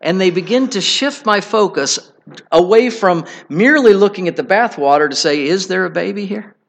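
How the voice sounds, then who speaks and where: A middle-aged man preaching a sermon, telling a personal story in an earnest, halting way with many restarts. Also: sits high, expressive, gravelly.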